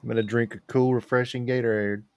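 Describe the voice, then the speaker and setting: A man's voice: mid-range voice, little pitch movement, fast talker, clean tone, no room sound. A man hosting a casual livestream, bantering with dry jokes and rambling asides. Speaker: livestream host. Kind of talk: casual chat.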